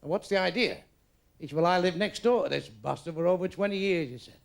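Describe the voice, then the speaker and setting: Speaking quickly in a high voice with vocal fry, an older man does crude stand-up on a comedy club stage before an audience. He acts out voices and delivers blunt punchlines.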